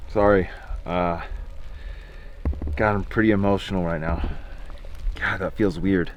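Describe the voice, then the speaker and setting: A man cyclist talking candidly in a vlog, emotional and halting, with frequent restarts. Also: deep voice, steady tone, slight background noise.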